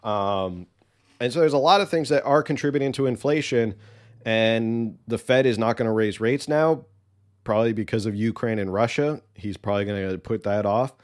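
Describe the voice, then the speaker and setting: A man's voice: mid-range voice, moderate pace. A man hosting a political podcast, giving casual, opinionated commentary with sarcasm and exasperation.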